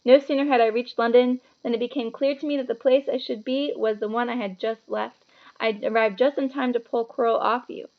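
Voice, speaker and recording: A woman voicing a kindly old male headmaster wizard who speaks calmly, formally and wryly in a storybook reading. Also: a little high, brisk, highs cut off, close to an everyday voice. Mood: gentle. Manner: calm, gently formal and wry.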